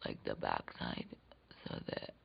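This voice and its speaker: A woman rambling through a casual makeup tutorial, swearing freely and slipping into whispered asides. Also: measured pace. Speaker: beauty vlogger. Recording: dull lo-fi recording.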